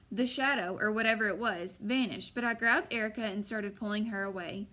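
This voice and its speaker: A woman narrating a first-person audiobook in a measured way, slowing on suspenseful moments. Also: mid-range voice, sharp tone.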